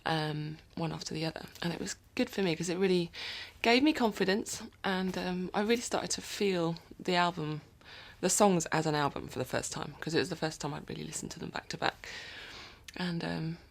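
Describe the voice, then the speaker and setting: A woman's voice: lowish voice, brisk, creaky. A woman musician rambling casually in a video diary from her recording studio, often dropping into whispered asides.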